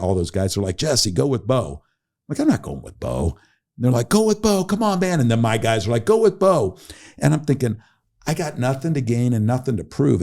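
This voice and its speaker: A middle-aged man telling a story as a podcast guest, animated and laughing, acting out the people he quotes. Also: on the low side. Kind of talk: casual storytelling.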